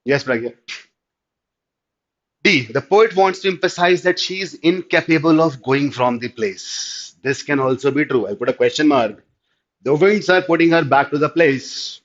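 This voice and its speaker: A man with an Indian English accent teaching an online class, explaining step by step and often asking whether it is clear. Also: on the high side, moderate pace. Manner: explanatory, checks understanding with repeated "clear?", mixes in Hindi. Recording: slightly dull lo-fi audio.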